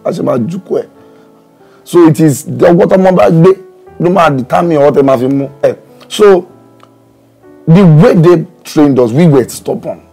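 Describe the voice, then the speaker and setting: Co-hosting a casual podcast chat, a man with a Nigerian accent argues his point insistently, laughing as he goes. His voice is a little high and dark-toned at a normal speed, with faint music behind.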